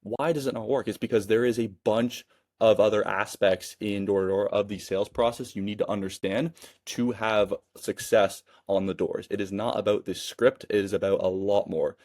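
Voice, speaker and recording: Young sales coach, casual and quick, tags "right?" on everything, dry close sound. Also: male voice, lowish voice, steady tone, darkish tone, dry recording. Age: 20s. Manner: keeps adding "right?", fast and chatty. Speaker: sales coach and business owner. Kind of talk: casual teaching monologue.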